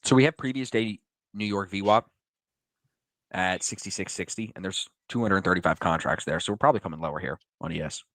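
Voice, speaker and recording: Male stream host, low register, dry room, loose joking delivery. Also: fairly quick, fairly bright tone, no echo. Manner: loose, joking, swears freely. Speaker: day trading stream host. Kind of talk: casual live-stream chat.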